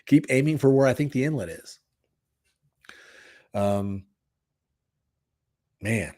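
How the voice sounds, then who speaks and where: A man hosting a live podcast episode, speaking in a strained, hoarse voice. He sounds earnest and emotional, rambles a little and often restarts his sentences. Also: mid-range voice, expressive, takes it slowly, long pauses, warm tone. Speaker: podcast host. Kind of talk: live motivational monologue. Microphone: live stream microphone.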